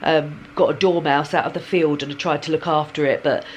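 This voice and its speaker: Low-pitched, steady, fairly quick and a little mellow, a woman in her thirties chats for a vlog in her home kitchen, with slight background noise. She rambles and giggles, and she sounds slightly snotty from a cold.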